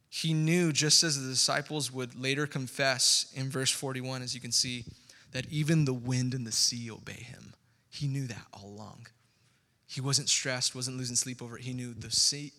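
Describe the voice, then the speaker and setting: Animated man preaching in a reverberant hall. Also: mid-range voice. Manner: conversational, animated preaching with laughs and asides. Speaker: pastor. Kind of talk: sermon.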